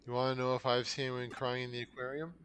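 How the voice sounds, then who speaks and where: A man's voice: mid-range voice, little pitch movement, fast talker, a bit bright, a little hiss or hum, close to an everyday voice. A man voicing an embarrassed, defensive adult male aquarium visitor in a game, over game music. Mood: sheepish. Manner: defensive, sheepish.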